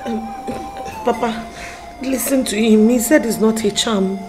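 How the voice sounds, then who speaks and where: A woman's voice: a little high, a little slow, lightly acted. An actress with a Nigerian accent playing a young daughter who pleads with her dying father. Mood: pleading. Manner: pleading, then wailing and crying. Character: grieving young daughter Esther. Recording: echoey, distant, over loud music.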